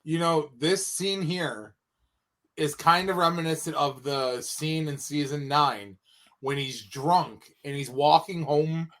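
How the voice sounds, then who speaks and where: Bright-voiced joking man. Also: on the high side. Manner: joking, playful, quick asides. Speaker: podcast co-host. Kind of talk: casual banter.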